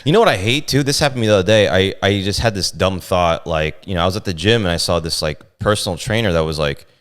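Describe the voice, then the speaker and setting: A man's voice: low-pitched, fast talker, clear, resonant tone. A man, a comedian, telling stories in a casual podcast chat and acting out quotes in exaggerated voices. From New York. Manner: animated storytelling, acts out quotes in exaggerated voices. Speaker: comedian guest.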